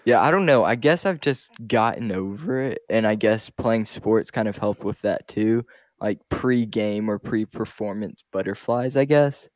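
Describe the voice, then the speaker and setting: A young man with a lowish voice, co-hosting a casual podcast in a dry, close-sounding recording. His talk is relaxed and a little hesitant. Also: unhurried, no room sound. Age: young adult. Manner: relaxed, hesitant, trailing off with "I guess". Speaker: podcast co-host. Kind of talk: casual chat.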